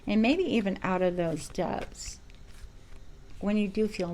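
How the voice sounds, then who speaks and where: A woman's voice: mid-range voice, slow, long pauses, warm tone, a little hiss or hum, rough recording. A woman giving a spiritual card reading to her viewers, reflective and searching for words as she goes. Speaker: tarot reader.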